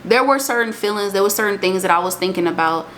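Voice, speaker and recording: A woman's voice: quick pace, a little hiss or hum. A young woman, talking casually and emphatically in a motivational vlog monologue. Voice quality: emphatic and animated, swings into high exclamations. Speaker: vlogger.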